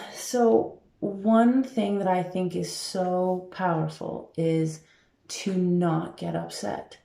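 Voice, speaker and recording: Emphatic woman coach, mellow low voice, echoey room. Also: fairly even intonation, extremely slow, gravelly. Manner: emphatic, frequent filler words. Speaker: life coach. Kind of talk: casual advice talk to camera. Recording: roomy echo.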